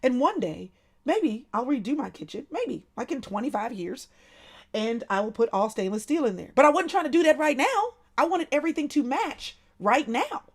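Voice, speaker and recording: Animated woman chatting to her viewers. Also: high voice, normal speed. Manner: animated, laughs often, talks to viewers by name. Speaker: livestream host. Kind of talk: casual livestream chat.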